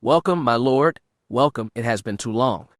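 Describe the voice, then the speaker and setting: A man's voice: mid-range voice, lively intonation, moderate pace, no echo, clean studio sound, natural voice. A man voicing an eager, deferential male Imperial officer in an audiobook.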